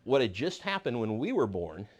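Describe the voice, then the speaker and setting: A man in his fifties teaching a Bible class in a casual discussion, often halting and repeating his words. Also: mid-range voice, big pitch swings. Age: 50s.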